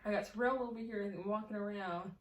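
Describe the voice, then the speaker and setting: A woman's voice: medium pitch, fairly even intonation, brisk, recorded from a distance. A teenage girl telling a casual storytime, chatty and full of fillers. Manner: chatty, many fillers, laughs often. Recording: echoey room, mic set back, faint hiss.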